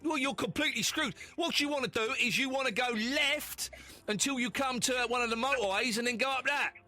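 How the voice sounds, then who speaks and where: A man's voice: very high voice, brisk, bright, forceful tone, faint music behind. A male radio host in a put-on common London accent, brash and mock-aggressive in comic phone-in banter in a studio. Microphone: studio microphone.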